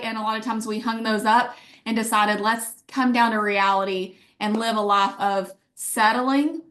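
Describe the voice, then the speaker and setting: A woman with an Alabama accent giving a motivational business pitch, telling her story with emphatic asides. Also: a bit bright. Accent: Southern US, Alabama. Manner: emphatic storytelling, quoting herself and others. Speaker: guest speaker on a business call.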